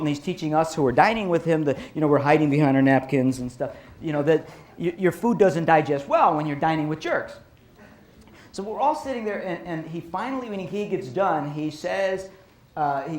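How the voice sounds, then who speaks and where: Man, storytelling lecture, animated, repeats phrases for emphasis, echoey room. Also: high voice, brisk. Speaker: violence-prevention speaker. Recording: roomy echo.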